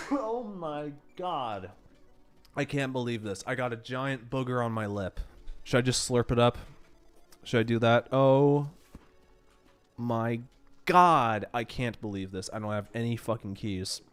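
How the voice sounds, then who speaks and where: A man's voice: medium pitch, fairly even intonation, normal speed, clean tone, soft background music. A young man streaming a game, rambling and swearing with mock exasperation, nose running from allergies. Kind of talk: casual game stream chatter.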